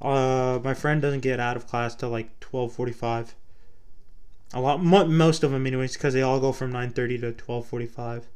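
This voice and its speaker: Smooth-voiced young Texan man rambling. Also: medium pitch, fairly even intonation, normal speed, a little mellow. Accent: Texas. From Texas. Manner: loose, profane, meandering. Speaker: vlogger. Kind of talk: casual rambling chat to camera.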